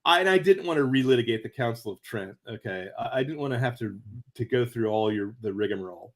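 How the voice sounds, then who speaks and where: A male guest author tells stories in a conversational interview, stammering into restarts and chuckling quickly. He's animated, jumping to a high, excited pitch whenever he acts out what people said.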